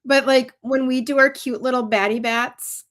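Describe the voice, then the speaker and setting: A middle-aged woman, a teacher hosting a casual chat, animated and laughing often. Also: high voice, moderate pace. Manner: animated, laughing, acts out kids' voices. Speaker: host, teacher.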